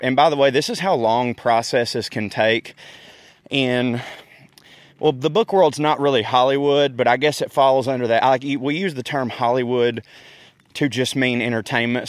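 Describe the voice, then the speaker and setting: A Southern US man hosts a casual rant outdoors in a park, chatty and folksy, with frequent laughs. He sounds slightly out of breath and speaks at an average pitch. The recording is dry and close. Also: no room sound. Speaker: podcast host.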